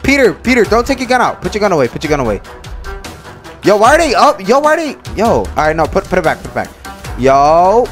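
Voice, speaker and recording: A teenage boy talks fast and loud on game voice chat, full of slang and banter. His pitch jumps all over the place. Faint game music plays underneath. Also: very animated. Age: teens. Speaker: Roblox voice-chat streamer. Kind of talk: casual gaming voice chat.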